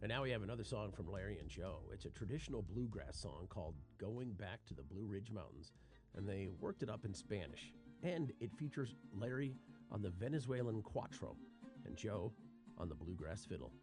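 A man's voice: on the low side, very animated, normal speed. A man hosting a radio show, giving folksy introductions between segments. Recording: music playing behind.

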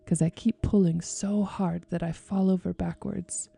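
A woman's voice: on the low side, little pitch movement, a little slow, creaky, dark tone, slightly rough, heavily acted. Christopher Robin, a woman doing a breezy bossy boy. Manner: breezy, know-it-all. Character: confident young boy, a bit bossy.

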